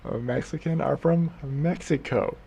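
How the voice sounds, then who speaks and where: A man's voice: on the high side, measured pace, vocal fry, dark tone, husky. A man hosting a live stream, chatting casually and answering his chat, often breaking into laughter.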